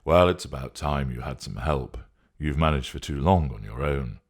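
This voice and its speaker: A man's voice: a bass voice, lively intonation, moderate pace, heavily acted. A man reading a story, voicing a worried, protective man asking earnest questions on the phone. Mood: concerned.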